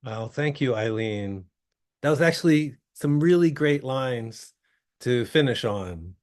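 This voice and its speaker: A man's voice: medium pitch, lively intonation, takes it slowly, a little mellow. A man moderating a poetry reading event, speaking casually with some fillers.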